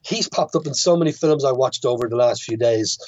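A man's voice: mid-range voice, a little fast, a little mellow, no echo. Hesitant Irish man, dry and dull audio. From Ireland. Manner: hesitant, many restarts and fillers. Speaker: guest filmmaker. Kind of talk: casual podcast chat.

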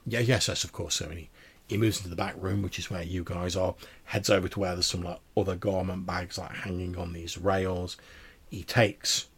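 A man's voice: deep voice, little pitch movement, moderate pace, a bit bright, husky. A man narrating as game master of a tabletop game, in a casual, descriptive way.

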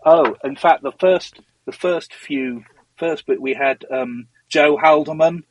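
Husky man rambling through anecdotes. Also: a little high, a little slow, dull audio. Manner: rambling and digressive, with frequent ums and restarts. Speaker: interview guest, former magazine editor. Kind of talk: casual anecdotal storytelling.

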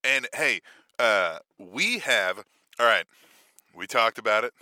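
A man's voice: fairly low pitch, slow pace, dry recording, studio quality. A man co-hosting a podcast in casual, profane chat, often tagging his points with "right?". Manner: animated, profane, punctuates with "right?". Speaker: podcast co-host.

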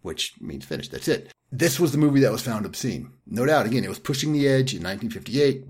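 A man's voice: mid-range voice, animated, quick pace, darkish tone, husky. A man hosting a podcast, retelling a film scene by scene in a casual way and breaking in with dry, mocking asides. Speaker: podcast host. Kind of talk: casual sarcastic film recap.

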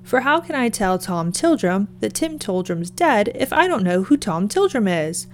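A woman voicing an excited rustic gravedigger who eagerly tells a strange tale, in a storybook reading. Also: medium pitch, normal speed, slight background noise, natural voice.

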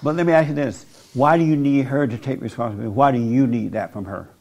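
A man's voice: mid-range voice, fast talker, a little mellow, lo-fi sound. A man acting as a pastor, counseling a woman in a plain, direct, preachy way. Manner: direct, preachy, plays out voices in quotes. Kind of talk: counseling talk.

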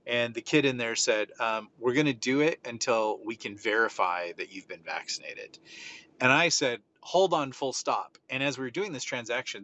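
A middle-aged man chatting on a podcast, spinning an anecdote with lively energy and playing every part himself. His voice is bright and forward. The audio is a little dull, with a faint hiss underneath. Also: medium pitch. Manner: animated storytelling, acting out quoted exchanges. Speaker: podcast host. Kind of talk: casual podcast chat.

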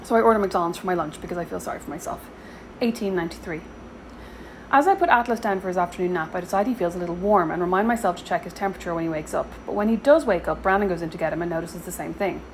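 A woman's voice: fairly low pitch, racing, slight background noise, low-quality recording. A woman, reading her weekly spending diary aloud with dry, sarcastic asides and a slight sore throat. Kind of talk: scripted diary narration.

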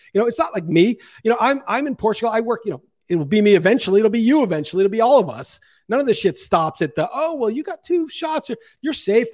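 Fast, high-voiced man ranting heatedly. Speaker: podcast co-host. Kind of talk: casual podcast chat.

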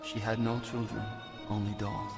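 Grim ghost-story teller, low flat voice, slow ominous delivery, long reverb, loud eerie music. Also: male voice, vocal fry. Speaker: horror film narrator.

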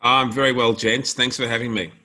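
A man's voice: mid-range voice, level tone, brisk, sharp tone. An Australian man, a lawyer, talking as a podcast guest in an easygoing, good-humoured way, with many fillers. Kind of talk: casual interview.

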